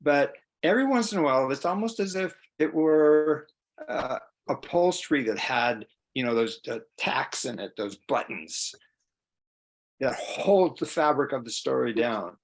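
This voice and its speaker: A man's voice: medium pitch, expressive, a little slow. A man conducting an interview, asking questions in a thoughtful, searching way with many fillers.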